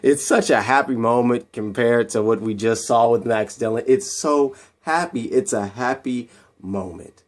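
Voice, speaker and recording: A man's voice: medium pitch, unhurried. Rambling man recapping a movie. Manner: rambling and repetitive, acting out quotes in raised voices. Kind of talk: casual scene-by-scene movie retelling.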